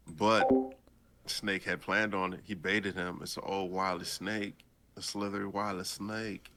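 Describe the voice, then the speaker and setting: A man hosting a podcast, retelling a story in a casual, animated and jokey way. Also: sits low, normal speed, slight background noise. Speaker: podcast host.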